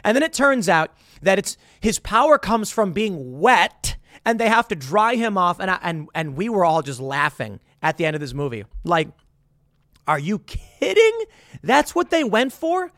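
A man delivers an incredulous, sarcastic movie rant in a high, lively voice that swings up and down. He stumbles and restarts as he goes. The sound is dry and close, with no room around it. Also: moderate pace, no echo. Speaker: commentator. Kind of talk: opinionated movie commentary.

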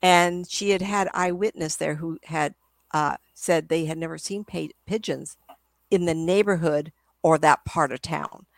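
A woman's voice: low voice, a little slow, gravelly, no echo. An older woman, a psychic medium guest, telling rambling stories in a casual interview. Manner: rambling, chatty storyteller.

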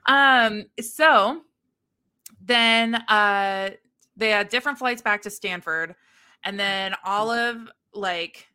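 Young woman co-host, bright tone, lively recap with acted-out quotes. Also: mid-range voice, slow pace, clear, resonant tone. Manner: animated storyteller, acts out quotes. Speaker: podcast co-host recapping a book. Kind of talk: casual chat.

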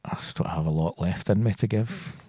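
A man's voice: low-pitched, a little fast, warm tone, slightly rough, no room sound, clean studio sound. A Scottish man co-hosting a podcast in casual chat, rambling and laughing often. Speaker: podcast co-host.

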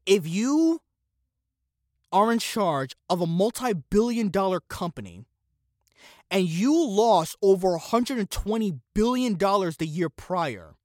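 A man's voice: high-pitched, very animated, unhurried, a little mellow, no room sound, clean studio sound. A man hosting a solo commentary podcast, opinionated and sarcastic, firing off one rhetorical question after another. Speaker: podcast host.

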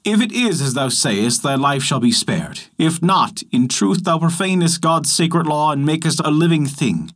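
A man's voice: a little high, animated, moderate pace, few pauses, a bit bright, pitched above the performer's own voice. A man voicing a stern old king who speaks in archaic, imperious phrases, in a storybook reading.

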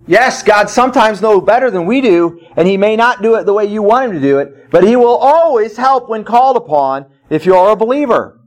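A man preaching a sermon as pastor, swinging from loud emphatic cries to low quiet asides. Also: animated, brisk, few pauses.

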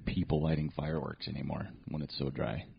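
A man hosting a podcast in a relaxed, rambling chat, his voice groggy. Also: a bass voice, brisk, gravelly, slightly rough, dry recording. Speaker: podcast host. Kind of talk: casual chat. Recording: dull, dry podcast mic.

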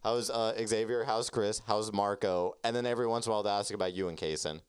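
A man's voice: on the low side, fairly even intonation, fast, smooth. A young man hosting a casual podcast chat with friends, rambling through stories with lots of swearing and laughter. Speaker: podcast host.

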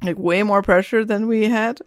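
A woman's voice: mid-range voice, steady tone, moderate pace, no echo, clean studio sound. A middle-aged woman, an author and parent, talking casually in an interview with a rambling manner that keeps checking in with "you know" and "right?".

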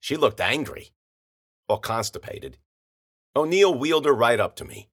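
A man narrating a hard-boiled first-person story in gritty, slangy speech with rough grammar. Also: medium pitch, sing-song, moderate pace.

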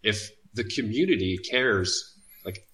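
A man's voice: on the low side, animated, slow, fairly bright tone, rough recording. A man co-hosting a casual podcast, explaining ideas thoughtfully, often restarting and searching for words. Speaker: podcast co-host.

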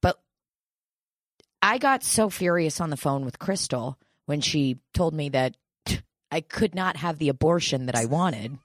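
A woman's voice: sits low, a little slow, no echo, clean studio sound. A young woman from St. Louis telling a profane, comic personal story, laughing often. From St. Louis area. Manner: profane, laughing, animated retelling. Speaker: guest storyteller. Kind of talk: crude comedic storytelling.

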